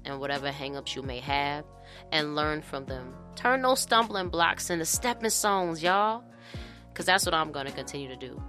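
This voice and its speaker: A woman hosting her own podcast as an educator, talking casually and encouraging listeners. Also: low-pitched. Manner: warm-hearted, preachy encouragement with fillers.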